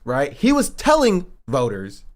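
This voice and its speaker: Man, livestreamer, casual political commentary, emphatic, repeats himself, swears, pitch swings widely. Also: huge pitch swings, unhurried. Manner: emphatic, repeats his points; swears freely.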